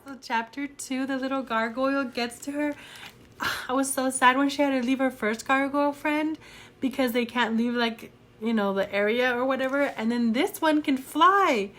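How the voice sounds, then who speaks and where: A woman's voice: high-pitched, fairly even intonation, moderate pace, fairly bright tone. A young adult woman talks casually about a book she is reading, gushing about it and filling her talk with "like" and "you know.". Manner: chatty and gushing, many fillers. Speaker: book reviewer. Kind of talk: casual chat.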